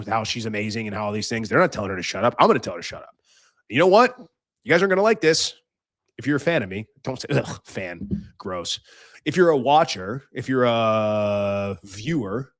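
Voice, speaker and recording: A man hosting his own podcast, talking casually, bluntly and profanely, with sudden jumps between loud and quiet. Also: mid-range voice, no room sound, studio quality. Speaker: podcast host. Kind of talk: casual monologue.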